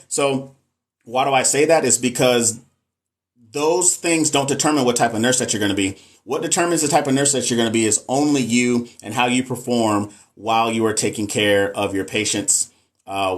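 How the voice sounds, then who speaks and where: A man's voice: mid-range voice, a bit bright. Chatty Southern man hosting a livestream. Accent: Texas Southern. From American South. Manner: chatty, candid, reads comments aloud. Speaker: nurse and livestream host. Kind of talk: casual livestream chat reading comments.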